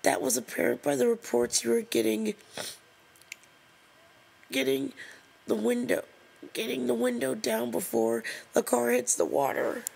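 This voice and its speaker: Tearful, gravelly woman reading a letter. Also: a little high, a little mellow, low-quality recording. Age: adult over 20. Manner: halting, breaks off and apologizes. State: crying, tearful. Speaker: vlogger. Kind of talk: reading an open letter aloud.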